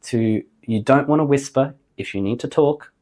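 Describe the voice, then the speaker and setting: A man giving a singing lesson to camera, upbeat and jokey, his voice slightly hoarse after the flu. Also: medium pitch, moderate pace, darkish tone. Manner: upbeat, jokey, emphatic on key points. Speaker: singing teacher.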